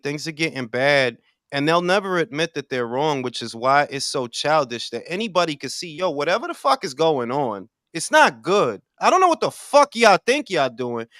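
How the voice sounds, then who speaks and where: Man co-host, profane animated ranter, lively pitch, dry mic. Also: no room sound. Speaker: podcast co-host. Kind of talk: casual boxing talk.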